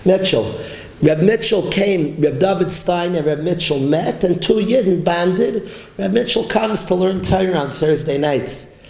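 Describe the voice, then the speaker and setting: A man's voice: high-pitched, a little slow, creaky, a little mellow, roomy sound, low-quality recording. A man, a rabbi, giving an impassioned Torah class to a learning group, repeating his points and mixing in Yiddish and Hebrew terms. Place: study hall with a learning group.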